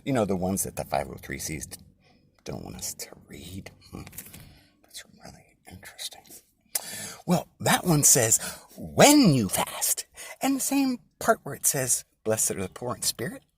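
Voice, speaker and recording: A man preaching an informal sermon in a mocking, conspiratorial tone, dropping into whispers and then rising to loud outbursts. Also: fairly low pitch, big pitch swings, moderate pace, husky. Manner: swings between hushed whispers and loud, sarcastic exclamations. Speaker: self-made online preacher.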